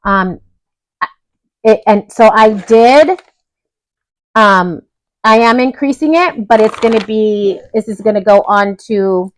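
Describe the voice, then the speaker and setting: A woman's voice: medium pitch, slow pace, pauses often, rough recording. A woman in a casual budgeting vlog, reviewing her own goals at home in a chatty, apologetic way with frequent restarts. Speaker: budgeting vlogger. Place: home room with dogs nearby.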